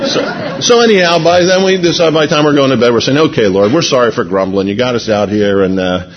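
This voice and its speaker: A man's voice: medium pitch, fast talker, few pauses, muffled recording, a crowd in the background. A man preaching by telling a rambling personal story, casual and full of "you know" and restarts. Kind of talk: anecdotal sermon storytelling.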